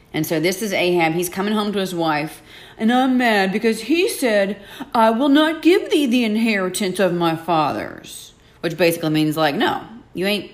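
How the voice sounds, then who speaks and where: Woman podcast host, animated pitch, playful, dramatic storytelling, acts out characters. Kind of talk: casual Bible storytelling.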